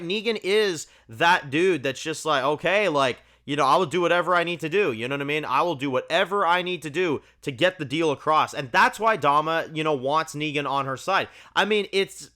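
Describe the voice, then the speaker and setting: On his review channel, a man with a higher, sharp-toned voice talks through a TV episode casually and enthusiastically, sprinkling in plenty of "like" and "you know."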